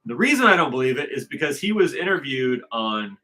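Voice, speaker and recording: A man's voice: medium pitch, sing-song, fairly quick, sharp tone. A man talking in a casual unscripted monologue, rambling and emphatic, often circling back to restate his point. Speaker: vlogger.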